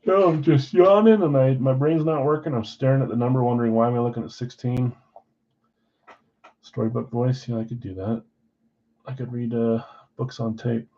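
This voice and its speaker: A man hosting a live card-break stream in casual chat, rattling off names and teams, swinging between loud calls and quiet asides. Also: medium pitch, steady tone, moderate pace, muffled recording.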